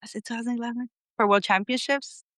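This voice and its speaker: A woman's voice: on the high side, fairly even intonation, fast talker, fairly bright tone, no echo. A woman in her thirties, a podcast guest telling stories about her athletic career in a casual chatty way, laughing often and acting out what others said. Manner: chatty, laughs often, acts out quotes of family and coach. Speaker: podcast guest, former national team athlete. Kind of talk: casual storytelling interview.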